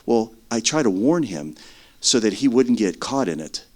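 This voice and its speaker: A middle-aged man preaching a sermon as earnest testimony, swinging between loud stretches and hushed ones. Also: lowish voice, big pitch swings, moderate pace.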